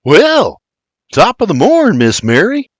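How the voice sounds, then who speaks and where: A man's voice: high voice, huge pitch swings, slow pace, no echo, studio quality, voice pushed up, heavily acted. A man voicing a charming young colonial farmhand who speaks cheerfully.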